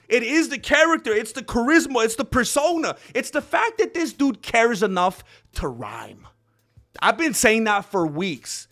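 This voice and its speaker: Young guy ranting about fights, high bright voice, excitable, laughs a lot. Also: normal speed. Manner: excitable, laughing, quotes others in put-on voices. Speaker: MMA commentary host. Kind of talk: casual commentary monologue.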